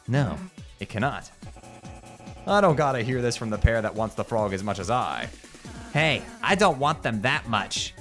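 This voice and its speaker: A man reading game dialogue aloud during a playthrough, swinging between loud outbursts and low mutters. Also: sing-song, normal speed, faint music behind.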